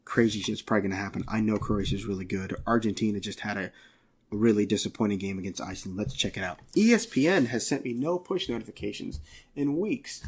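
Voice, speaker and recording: A man's voice: lowish voice, quick pace, breathy edge. A man co-hosting a casual podcast, ranting in an exasperated, profane way. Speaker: podcast co-host.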